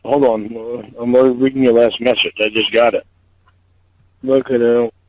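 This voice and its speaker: A man's voice: medium pitch, fairly even intonation, unhurried, no room sound. A man on a phone call, agitated, swearing often and repeating himself.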